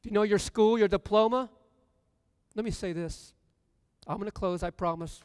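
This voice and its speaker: A man's voice: high-pitched, moderate pace, darkish tone, clear, resonant tone, no echo, clean studio sound, in a large hall. A man preaching a sermon in a church, repeating lines with building emphasis. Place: church sanctuary.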